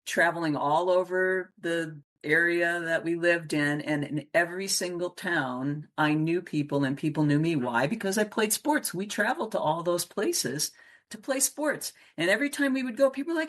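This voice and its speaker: A woman's voice: fairly low pitch, normal speed. A middle-aged woman from Wisconsin, a coach and interview guest, telling stories from her life and acting out the voices of the people in them. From Wisconsin, USA. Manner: animated storyteller who acts out voices. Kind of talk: storytelling in a conversational interview.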